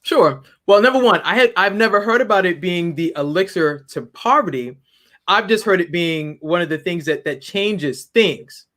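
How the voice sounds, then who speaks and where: A woman business founder as a guest on an interview show, talking in an animated, humorous way with frequent restarts. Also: on the low side, moderate pace. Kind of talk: interview conversation.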